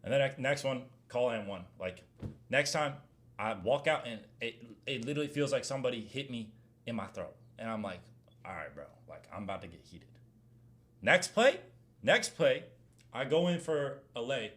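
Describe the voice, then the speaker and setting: Young male streamer, casual slangy Q&A voice, animated rants. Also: medium pitch, moderate pace. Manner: animated slang-heavy rant, gets loud when heated. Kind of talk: casual Q&A chat.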